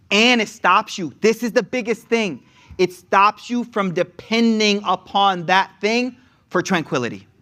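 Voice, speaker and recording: A man giving a casual religious lesson in slangy, conversational talk, reading quotes in a quick run and then explaining them to his listeners. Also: high-pitched, pushed and bright. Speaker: religious teacher.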